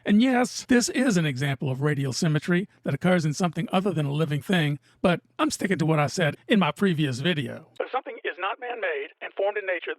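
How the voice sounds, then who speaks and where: A woman who cuts and sells opals, narrating her workshop video in a deadpan, teasing way. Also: fairly low pitch, brisk, hardly any pauses, no room sound, studio quality. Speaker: opal cutter and seller. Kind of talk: narrated lapidary video with jokes.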